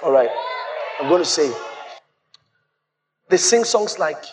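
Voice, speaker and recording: Animated high-voiced male preacher. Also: slow pace, background noise. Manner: animated preaching, quoting scripture, bursts of laughter and shouts. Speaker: pastor. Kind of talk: sermon.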